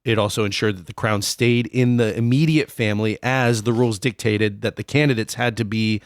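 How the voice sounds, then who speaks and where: A man's voice: on the low side, fairly even intonation, brisk, no room sound. Casual man explaining history, dry sound. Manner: explanatory, loose, lots of fillers. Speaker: podcast co-host. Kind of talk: casual history podcast chat.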